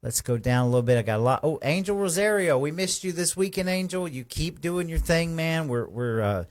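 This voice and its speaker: A man hosting a live stream, giving folksy, rambling shout-outs to viewers. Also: on the high side, expressive, brisk. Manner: effusive, folksy, rambling with restarts.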